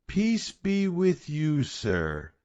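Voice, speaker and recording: A man voicing a polite, calm talking camel in a storybook reading, speaking in a formal way. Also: fairly high pitch, very slow, clear, resonant tone, no room sound, highs cut off, voice pushed up, heavily acted.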